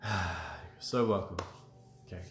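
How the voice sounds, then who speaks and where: Slow, low-voiced man guiding a healing session. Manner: slow, calm guided breathing with frequent sighs and affirmations. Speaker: emotional clearing practitioner leading a live session. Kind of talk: guided healing session on a livestream. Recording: roomy with faint music.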